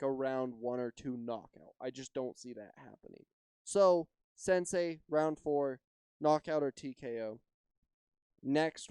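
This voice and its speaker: A man hosting a solo podcast, chatting loosely and freely. His voice is smooth and clean, with a dry, close sound and no room around it. He rambles, hedges a lot and swears casually. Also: on the high side, warm tone, no room sound. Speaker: podcast host.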